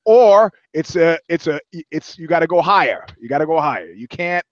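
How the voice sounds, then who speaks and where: A male podcast co-host in casual banter, telling lively stories and acting out the people in them. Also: fairly high pitch, normal speed, dry recording. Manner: animated storyteller, acts out quotes. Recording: dry, slightly dull sound.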